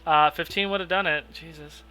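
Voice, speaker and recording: Bright-voiced man narrating as game master. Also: on the high side, a little fast, rough recording. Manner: relaxed, loose narration with fillers.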